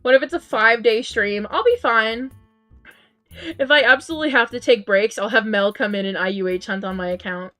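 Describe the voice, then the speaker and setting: Speaking briskly in a slightly high, fairly bright voice, a streamer reads chat messages aloud and talks with her audience. She giggles a lot and keeps restarting with ums, heard through a headset mic over faint game music.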